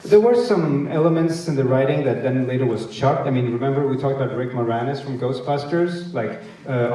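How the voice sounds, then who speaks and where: A man's voice: mid-range voice, a little fast, hardly any pauses, mellow, slight background noise. A man, an actor, telling anecdotes on stage in a rambling, hesitant way and laughing often. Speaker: actor guest. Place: festival stage event. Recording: echoey hall, distant mic.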